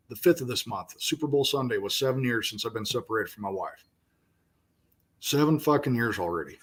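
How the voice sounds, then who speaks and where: A middle-aged man hosting a casual livestream from his home kitchen, chatty and swearing, often talking to his chat. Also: medium pitch. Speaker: livestream host.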